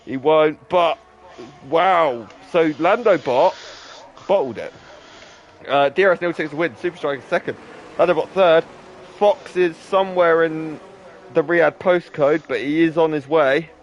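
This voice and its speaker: Higher-voiced guy doing casual sim race commentary, lots of banter. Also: normal speed, dull audio, a little hiss or hum. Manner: chatty, laughing, banter.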